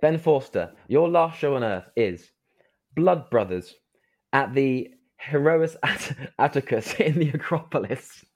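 A man co-hosting a podcast, chatting casually and playfully, with gushing excitement. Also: medium pitch, measured pace. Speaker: podcast co-host. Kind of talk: casual chat and show outro.

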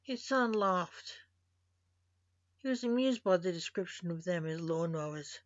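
A podcast storyteller reading a short story aloud in a plain, measured way, on a dull lo-fi recording. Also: medium pitch, animated, no room sound. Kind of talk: scripted story narration.

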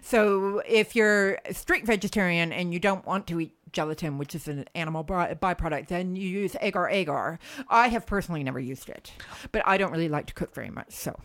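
A woman's voice: on the low side, brisk, a bit bright. A woman co-hosting a podcast in casual chat, chatty and self-mocking. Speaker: podcast co-host.

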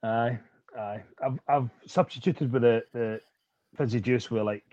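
A man's voice: medium pitch, fairly even intonation, unhurried, dark tone, dry recording, highs cut off. A Scottish man, a rugby player guest, chatting casually in a laid-back, self-mocking way. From Scotland. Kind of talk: casual chat.

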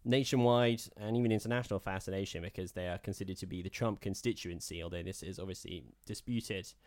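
A man's voice: sits low, fairly even intonation, fast, darkish tone, dry recording, clean studio sound. A man co-hosting a podcast, chatting casually about politics in a sardonic, rambling way. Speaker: podcast co-host.

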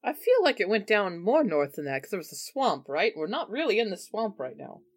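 A woman playing a character in a tabletop game, relaxed and easygoing. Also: mid-range voice, brisk. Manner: relaxed, easy in-character chat. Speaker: player. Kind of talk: casual tabletop play.

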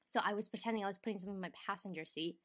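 A woman speaking as a podcast guest in relaxed conversation, her voice at a middling pitch. She trades teasing jokes easily, slipping into stories about her own errands. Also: racing. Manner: joking, teasing banter. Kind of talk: casual chat.

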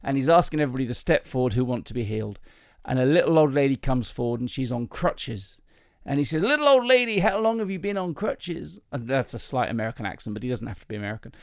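A man's voice: medium pitch, quick pace, gravelly, few pauses, darkish tone, no room sound, studio quality. A man hosting a podcast, chatting casually and telling jokes, rambling and laughing often. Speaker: podcast host. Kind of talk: casual chat, joke telling.

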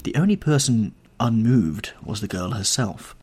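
A male narrator reads a classic novel with dramatic, expressive storytelling. His voice is husky and slightly rough, and his pitch moves in lively swings through the sentences. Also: unhurried. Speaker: audiobook narrator.

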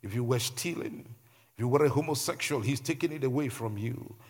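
A man's voice: medium pitch, a little fast. A male pastor preaching a sermon. He repeats phrases and builds emphasis as he preaches. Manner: preaching with repetition and rising emphasis.

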